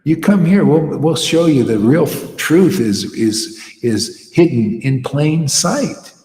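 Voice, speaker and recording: A man giving an informal, animated devotional sermon, often scornful and laughing as he preaches. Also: medium pitch, slow pace. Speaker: spiritual teacher. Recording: echoey room with long reverb.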